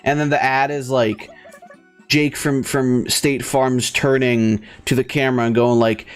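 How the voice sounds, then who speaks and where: A man's voice: medium pitch, steady tone, unhurried. Young man ranting profanely over faint game music. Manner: profane, rambling rant full of fillers. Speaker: gaming channel host. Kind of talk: casual ranting commentary over gameplay.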